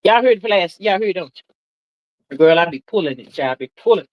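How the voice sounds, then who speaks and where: A woman in her sixties hosts a livestream of casual gossip commentary, talking fairly quickly in a drawling, chatty way and calling everyone "child" and "honey". She's lively and swoops high for emphasis. The audio has its highs cut off and slight background noise.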